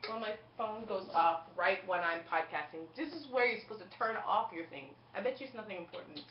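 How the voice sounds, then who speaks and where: A woman's voice: mid-range voice, expressive, brisk, a little hiss or hum. A woman from Jamaica hosting a podcast in a casual, rambling chat, giggling and dropping plenty of fillers. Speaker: podcast host. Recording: roomy, dull lo-fi home recording.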